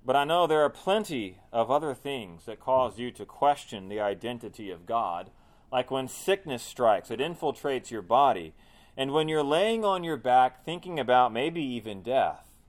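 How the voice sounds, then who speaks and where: A man's voice: mid-range voice, expressive, moderate pace. Male pastor preaching with rising emphasis. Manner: preaching with swelling emphasis and quiet drops. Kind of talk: sermon.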